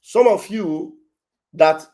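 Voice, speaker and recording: A man's voice: sits high, slow pace, darkish tone. A man giving preachy political commentary.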